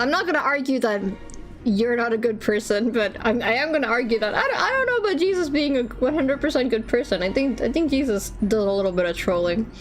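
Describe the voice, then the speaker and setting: A woman's voice: fairly high pitch, animated, fast talker, soft background music. A woman streamer chatting casually with her viewers, giggly and swearing freely. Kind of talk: casual livestream chat.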